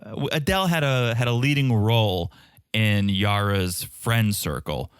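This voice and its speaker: A man with a somewhat low voice talks through a reality show recap in a relaxed podcast chat. He animates his retelling by mimicking what people said. The sound is dry and close to the mic. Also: unhurried, clear, resonant tone, dry recording. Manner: animated, acts out cast members' lines in quotes. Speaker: podcast co-host.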